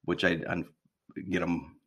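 A man's voice: low voice, little pitch movement, a little slow, fairly bright tone, husky. A man in his fifties, a grandfather, co-hosting a podcast in easygoing, teasing casual chat. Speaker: podcast co-host.

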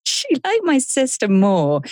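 A woman's voice: mid-range voice, wildly swooping pitch, unhurried, darkish tone, dry recording, studio quality. A woman hosting a podcast, asking curious, reflective questions and sharing her own experience. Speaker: podcast host, psychotherapist. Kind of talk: interview conversation.

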